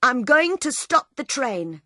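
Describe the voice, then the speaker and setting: A woman's voice: fairly high pitch, huge pitch swings, takes it slowly, husky, no room sound, studio quality, pitched above the performer's own voice, exaggerated voice. A woman voicing an upset young husband on a train, pleading and agitated.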